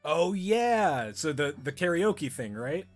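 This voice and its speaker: Slow, easygoing man, giggly, soft music behind. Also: fairly high pitch, sing-song. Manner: laid-back, giggly. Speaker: artist and co-host. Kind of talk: casual stream chat.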